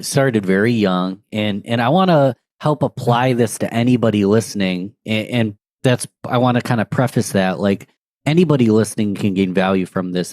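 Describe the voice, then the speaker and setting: A man with a lowish voice hosts a podcast, asking earnest questions and restarting his sentences as he works them out. His voice is recorded dry and close, with no room sound. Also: a little mellow, dry recording. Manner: earnest, rephrases and restarts, uses emphatic questions. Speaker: podcast host. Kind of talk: interview questions.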